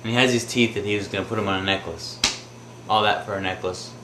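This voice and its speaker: Male storyteller, casual and rambling, mid pitch, roomy recording with faint noise. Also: steady tone, fast. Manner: rambling, loose, with filler words. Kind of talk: casual anecdote telling.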